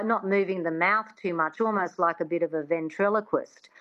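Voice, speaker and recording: A woman's voice: medium pitch, moderate pace, lo-fi sound. A woman dialect coach explaining accent work in an interview, chatty with many restarts. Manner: chatty, lots of fillers and restarts.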